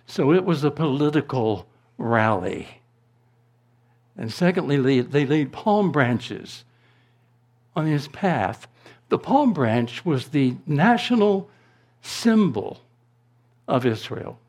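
A man preaching a sermon to his congregation, slow and deliberate, rising to emphatic proclamations and dropping to a hush. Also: on the high side, big pitch swings. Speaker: pastor.

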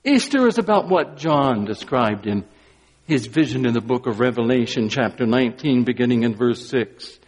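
A man preaching an Easter sermon as pastor, moving from quiet, deliberate emphasis to joyful exclamations. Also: mid-range voice, lively intonation, slightly rough. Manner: swings from quiet emphasis to exuberant exclamations, briefly sings. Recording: long hall reverb.

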